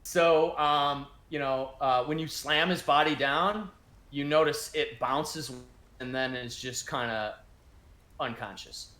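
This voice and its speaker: A man narrating as game master of a tabletop game, speaking haltingly with many restarts. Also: medium pitch, background noise.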